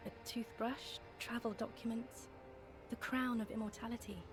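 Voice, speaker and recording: A woman's voice: fairly high pitch, flat delivery, normal speed, close to an everyday voice. A woman voicing a serene regal ex-lover. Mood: stately. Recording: game audio with music underneath.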